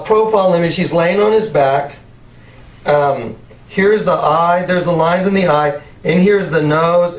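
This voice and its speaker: High-pitched guy preaching, super animated, keeps laughing, kinda far from the mic. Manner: excitable, laughs often, acts out dialogue. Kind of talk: animated storytelling presentation. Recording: roomy echo, mic at a distance, faint ambience.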